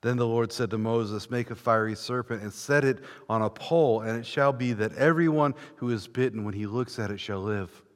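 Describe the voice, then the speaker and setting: A man preaching a sermon in a church, fervent, swelling from hushed passages to ringing declarations. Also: medium pitch, moderate pace, hardly any pauses. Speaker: pastor. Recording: long reverb of a large church hall.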